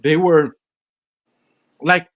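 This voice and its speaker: A man's voice: on the high side, fairly even intonation, extremely slow. A man hosting a casual chat podcast, rambling through stories with lots of fillers. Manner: rambling, many fillers and restarts. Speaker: podcast host.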